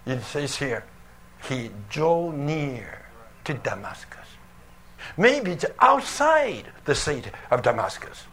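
A man preaching a sermon, telling a Bible story slowly and emphatically, with dramatic swings in his delivery. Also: mid-range voice, big pitch swings, bright, forceful tone, a little hiss or hum.

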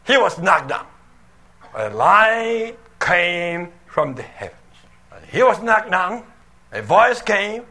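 A man preaching a sermon, telling a Bible story slowly and emphatically, with dramatic swings in his delivery. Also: high-pitched, big pitch swings, sharp tone.

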